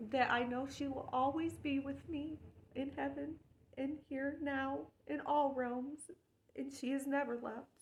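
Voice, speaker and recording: A woman's voice: sits high, gravelly, a little mellow, slight background noise. A woman speaking in a heartfelt personal monologue, earnest and spiritual, often repeating herself. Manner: earnest, spiritual, emotional with repetitions. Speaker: vlogger.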